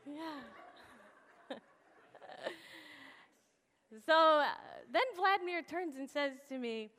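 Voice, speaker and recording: A woman pastor preaching a sermon and telling a personal story in an animated, expressive way. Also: sits high, slow, big-room sound.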